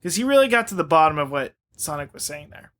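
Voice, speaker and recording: A man's voice: a little high, big pitch swings, fast talker, fairly bright tone. A young man co-hosting a comedy podcast, ranting in mock exasperation and laughing along. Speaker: podcast co-host. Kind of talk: casual comedic banter.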